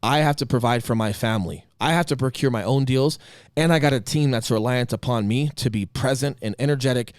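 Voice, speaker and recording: A man co-hosting a casual podcast chat, talking with emphatic passion and swinging between loud bursts and quiet asides. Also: mid-range voice, fairly quick, dry recording, clean studio sound. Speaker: podcast co-host.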